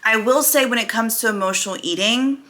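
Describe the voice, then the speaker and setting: A woman in her forties speaks candidly to her viewers in a bright, forward voice. She talks emphatically and keeps pressing rhetorical questions at her audience, like a vlogger speaking straight to camera. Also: a little high, fairly quick. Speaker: weight loss vlogger.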